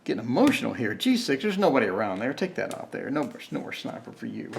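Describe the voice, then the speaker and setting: A man's voice: mid-range voice, sing-song, fast talker, vocal fry, hardly any pauses, slight background noise. Man muttering through a board game. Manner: thinks aloud, reads cards, counts dice, grumbles at bad luck. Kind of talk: solo playthrough commentary.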